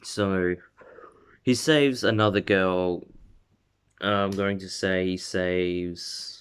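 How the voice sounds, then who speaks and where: A man's voice: low-pitched, steady tone, drawn-out words, clear, resonant tone. Rambling man retelling a fan story. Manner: rambling, many fillers and self-corrections. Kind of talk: casual fan-fiction retelling.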